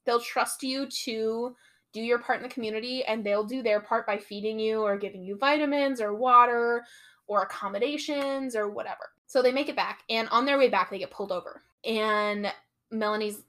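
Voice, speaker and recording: Young woman, podcast host, slightly high voice, casual recap, acts out quotes, swears a lot. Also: normal speed, fairly bright tone. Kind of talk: casual book recap chat.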